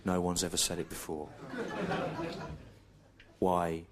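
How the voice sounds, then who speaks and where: A blunt, uncomprehending male film director who takes everything literally, as a deep-voiced comedian quotes him on stage. His replies come out low and flat, and clear background noise runs under them. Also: slow pace. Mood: puzzled.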